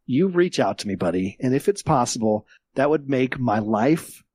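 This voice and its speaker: A man's voice: mid-range voice, animated, normal speed, darkish tone, dry recording. A tipsy man guesting on a casual podcast, talking in an effusive, jokey and sentimental way.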